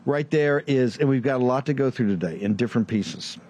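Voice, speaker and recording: A combative man hosts a political commentary show. He fires off rhetorical questions and sarcastic asides at a middling pitch. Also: fairly quick, darkish tone. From Virginia, USA. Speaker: show host.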